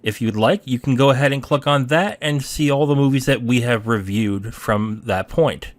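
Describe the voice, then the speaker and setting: A man hosting a gaming news podcast, telling a story in a casual, animated way and laughing at himself. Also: mid-range voice, moderate pace, no echo. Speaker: podcast host. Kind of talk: casual chat.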